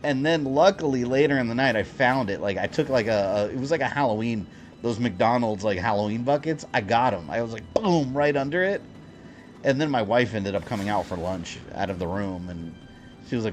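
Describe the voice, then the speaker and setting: A man streaming a video game, telling a story in casual chat, animated and swearing freely with lots of fillers. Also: medium pitch, fairly quick, a little hiss or hum. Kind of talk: casual storytelling while gaming. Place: home, lives in Florida.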